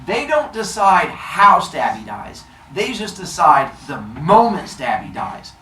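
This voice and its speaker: A man's voice: a little high, sing-song, slow pace, pushed and bright, reverberant, recorded from a distance, a little hiss or hum. A male teacher telling myths to his class, playful and acting out scenes with sound effects. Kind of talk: classroom storytelling.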